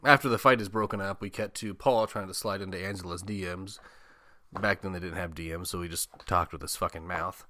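A man's voice: low voice, steady tone, fairly quick, bright, forceful tone. A man giving a casual, joking recap of a movie, swearing freely and acting out the characters' lines. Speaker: podcast host.

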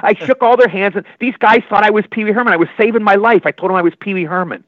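An older man from Maryland, a guest actor telling animated, rambling stories full of digressions and repeats. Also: high voice, rapid-fire, dry recording. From Maryland, USA. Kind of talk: anecdotal storytelling. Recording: dull lo-fi sound.

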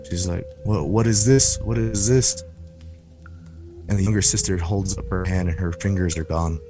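A man with a very low voice tells a scary story on a podcast. He builds suspense slowly and repeats words for effect. Music plays clearly beneath his voice. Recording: music playing under the voice.

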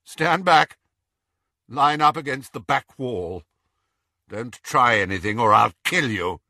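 A man's voice: mid-range voice, expressive, takes it slowly, vocal fry, sharp tone, dry recording, clean studio sound, exaggerated voice. A man voicing a nervous but arrogant teenage boy in an audiobook reading, tense and commanding. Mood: threatening.

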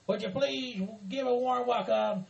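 A man's voice: very high-pitched, a little slow, vocal fry, dull audio. A man hosting a casual podcast in a folksy hillbilly persona, rambling and teasing. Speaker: podcast host. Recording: roomy echo with faint music.

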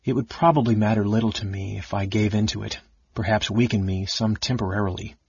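A man doing a soft-spoken, icy mage. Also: on the low side, steady tone, brisk, creaky, husky, dry recording, highs cut off. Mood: cold. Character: cold, sardonic frail male mage, soft-spoken.

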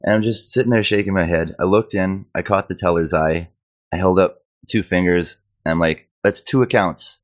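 A man's voice: low-pitched, fairly even intonation, normal speed. A Canadian man in his thirties telling a personal story in an agitated, exasperated way, mimicking the people he quotes. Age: 30s. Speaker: community hangout participant.

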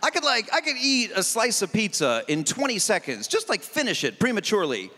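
Bright, lively stand-up comedian man. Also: sits high, brisk, long reverb tail. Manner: animated, punchy, mock-exasperated. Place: comedy festival stage, Montreal.

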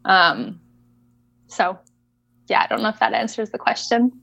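A woman's voice: a little high, measured pace, creaky, a bit bright, no room sound. A woman equine coach telling a story in a casual interview, chatty and full of fillers.

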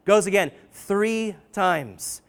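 A man's voice: sits high, expressive, drawn-out words. A man preaching a casual sermon, retelling stories conversationally with many "um"s, "like"s and "right?"s. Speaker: pastor.

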